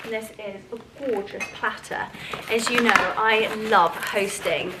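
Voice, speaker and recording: A woman's voice: mid-range voice, fairly even intonation, slow, heavy background noise. A woman chatting casually and gushing as she unboxes things at home. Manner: gushing, effusive. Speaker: vlogger.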